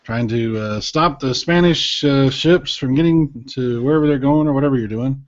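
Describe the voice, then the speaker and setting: A man's voice: medium pitch, normal speed. Rambling man on a muffled podcast. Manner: rambling, thinking aloud with many fillers. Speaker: podcast guest. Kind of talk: casual chat. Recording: slightly muffled podcast audio.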